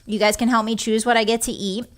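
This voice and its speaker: A woman's voice: a little high, steady tone, fast. A young woman streamer chatting casually with her live audience, emotional and giggly as she talks and reads chat.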